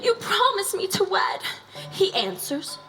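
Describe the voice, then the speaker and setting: A woman's voice: extremely high pitch, wildly swooping pitch, unhurried, soft background music, heavily acted, low-quality recording. A woman acting a grief-mad young noblewoman on stage, half singing her lines in a drifting singsong. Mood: bawdy. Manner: singsong, drifting, laughing softly.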